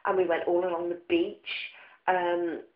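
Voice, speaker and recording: A woman co-hosting a casual podcast chat, talkative and quick to laugh. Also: lowish voice, little pitch movement. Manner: chatty, laughs easily. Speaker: podcast co-host. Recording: roomy, dull lo-fi room sound.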